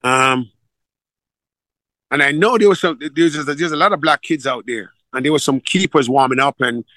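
A middle-aged man, a football coach telling stories in a conversational, animated way, repeating words and laughing as he goes. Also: mid-range voice, moderate pace, no room sound. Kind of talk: conversational storytelling.

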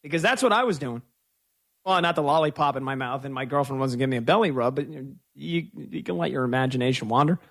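A man hosts a call-in sports talk radio show, voicing strong opinions and stretching out key words for emphasis. His voice is medium-pitched, animated, creaky and fairly bright.

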